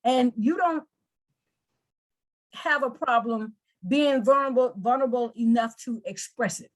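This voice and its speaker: High-voiced woman coach explaining earnestly. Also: unhurried. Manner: earnest, repeats words while explaining. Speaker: anger management coach. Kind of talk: conversational interview, explaining with examples.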